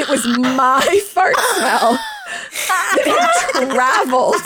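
A woman's voice: high-pitched, wildly swooping pitch, slow, a bit bright, husky, no room sound. A woman telling a long funny story in a casual chat, laughing often as she talks. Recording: noisy background.

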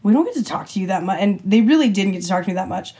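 A young woman co-hosts a casual chat, spinning stories with energy. Her voice is mellow and low in brightness, and she jumps up in pitch when she acts out what others said. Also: very fast. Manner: animated storyteller, acts out quotes with a lifted voice. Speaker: podcast co-host.

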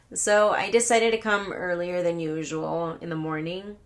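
A young woman with a lowish, steady voice talks a little slowly as she hosts her solo podcast. Her storytelling is casual and rambling, peppered with profanity and laughing side comments.

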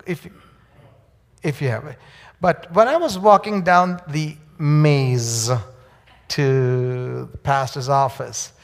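A man speaks as a guest preacher to a church congregation. His voice sits a little high and has a gravelly edge. He rambles, pausing on fillers and restarting his sentences, and the sound carries the long reverb of a church hall. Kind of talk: church sermon. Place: church sanctuary.

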